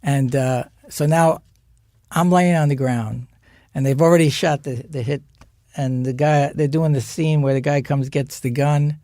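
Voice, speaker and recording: In studio-quality audio without echo, a male guest actor talks a little slowly as he shares showbiz anecdotes in a casual chat. He's animated, performs the quotes in a raised voice, and laughs a lot.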